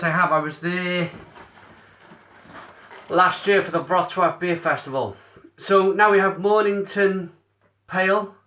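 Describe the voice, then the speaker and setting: A man's voice: on the high side, pushed and bright. Upbeat man chatting on a live stream. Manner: chatty, upbeat, answers viewers' comments aloud. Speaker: beer reviewer streaming live. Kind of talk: casual live-stream unboxing chat. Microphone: mobile phone camera.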